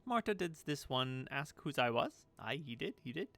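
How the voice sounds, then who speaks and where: A man's voice: mid-range voice, very animated, normal speed, fairly bright tone, no room sound, voice pushed up. A man voicing a sour, muttering female corpse-picker who chatters to herself in a sing-song voice and calls herself by name.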